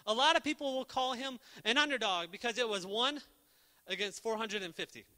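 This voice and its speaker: A young man with a high, very bright voice gives a casual, jokey sermon, telling Bible stories with animated energy and slipping into quick voices for the characters. The sound rings with the long reverb of a church hall. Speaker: preacher.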